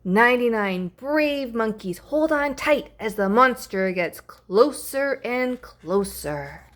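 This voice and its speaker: Female picture-book reader, unhurried and animated, playful with whispered asides. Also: on the high side. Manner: expressive, playful, gasps and hushes for effect. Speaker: storybook reader. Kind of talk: reading a picture book aloud.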